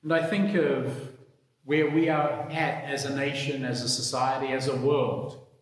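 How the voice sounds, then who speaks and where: A man, a priest, reading the gospel and preaching a sermon in a slow, measured, reflective way. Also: medium pitch, fairly even intonation. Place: church. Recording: echoey church hall.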